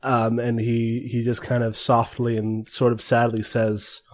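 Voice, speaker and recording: A man at mid pitch acts as game master for a tabletop game. He explains rules and describes scenes casually, often restarting his sentences. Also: completely flat delivery, unhurried, few pauses.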